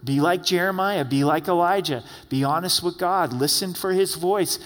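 A man's voice: high-pitched, normal speed, fairly bright tone, long reverb tail. A man preaching a sermon as pastor in a conversational style, often acting out the words of the people he quotes. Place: church sanctuary.

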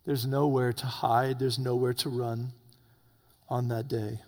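A man preaching an evening sermon, swinging between loud urgent peaks and low hushed warnings. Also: level tone, unhurried. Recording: long reverb of a hall.

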